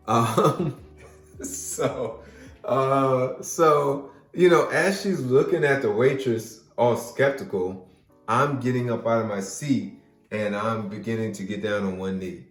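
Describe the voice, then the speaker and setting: A man's voice: on the low side, unhurried. A man casually telling a personal story as a podcast host, rambling with lots of fillers. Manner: relaxed, rambling, many fillers. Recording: roomy echo, faint music.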